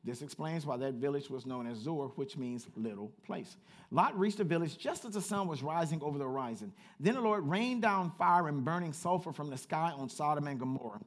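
A man preaching a sermon as pastor, swinging from quiet asides to loud repeated calls and chatting with the congregation. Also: on the high side. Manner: chatty with the congregation, laughs at himself. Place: church.

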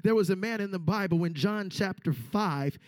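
High-voiced man preaching emphatically. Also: normal speed. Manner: emphatic, repeats lines for stress, acts out quoted voices. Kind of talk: sermon.

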